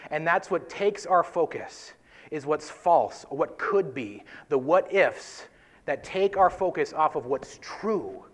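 A man's voice: lively intonation, slow. Earnest man teaching scripture casually. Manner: conversational, tags points with "right?"; earnest, drops to soft low emphasis.

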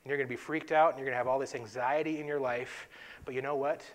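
A man from North Dakota co-hosting a faith-based talk, telling a story with lively voice play and frequent laughs. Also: mid-range voice, quick pace. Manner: animated storyteller, laughs often. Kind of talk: faith-based podcast chat.

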